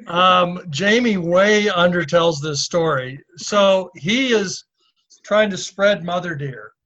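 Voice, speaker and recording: Male guest, high voice, amused storyteller, muffled lo-fi audio. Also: takes it slowly, a bit bright. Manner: amused, laughing while recounting. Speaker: podcast guest. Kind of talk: casual storytelling. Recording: dull lo-fi audio.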